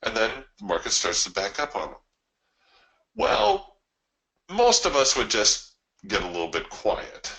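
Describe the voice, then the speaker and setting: Forceful-sounding male trading coach. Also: on the low side, huge pitch swings, measured pace, long pauses, low-quality recording. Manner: conversational, explains with stories, addresses listeners directly. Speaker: trading coach and webinar host. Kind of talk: live trading webinar talk.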